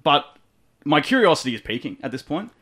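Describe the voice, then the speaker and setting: A man's voice: on the high side, very animated, brisk, a bit bright. A man with an Australian accent hosting a radio show, playful and hammy, laughing often. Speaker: radio host. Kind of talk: comedic radio banter.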